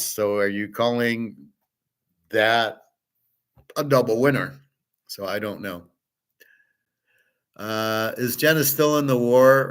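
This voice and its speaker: A man's voice: fairly low pitch, fairly bright tone. A middle-aged man hosting a casual monologue, rambling and blunt, swearing freely. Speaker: host.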